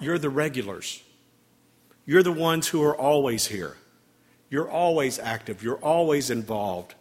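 A man, a priest, giving a sermon to his congregation in a conversational, gently humorous way. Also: medium pitch, lively intonation, a little slow, breathy edge, in a large hall. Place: church sanctuary.

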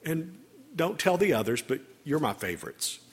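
A man, a priest, giving a sermon to his congregation in a conversational, gently humorous way. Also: on the high side, sing-song, normal speed, in a large hall, a little hiss or hum. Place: church sanctuary.

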